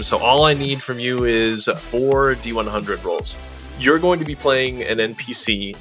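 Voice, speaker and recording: A man hosting a role-play game, explaining the rules in a loose, chatty way full of "like" and "kinda." His voice is bright and forward, with faint music underneath. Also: lowish voice. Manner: relaxed, chatty, lots of "like". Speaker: host and game master.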